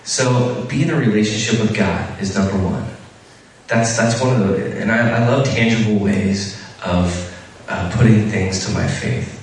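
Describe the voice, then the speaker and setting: A man's voice: lowish voice, measured pace, a little hiss or hum. A man giving an informal sermon, telling a story casually with many fillers and restarts. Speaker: preacher. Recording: echoey room heard from a distance.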